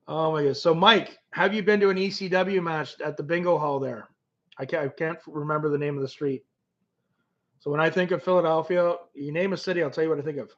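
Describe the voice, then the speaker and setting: A man's voice: on the high side, steady tone, moderate pace, pauses often, a bit bright. A man from Canada hosting a casual livestream, chatting with viewers and rambling through stories with lots of restarts. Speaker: livestream host. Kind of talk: casual livestream chat reading comments. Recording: dull lo-fi stream audio.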